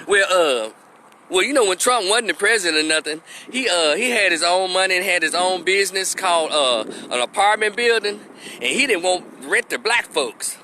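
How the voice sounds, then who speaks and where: A man's voice: high voice, normal speed, bright, forceful tone, a little hiss or hum. A man giving a blunt, profane opinion rant, stressing his points and laughing in scorn. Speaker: opinion vlogger.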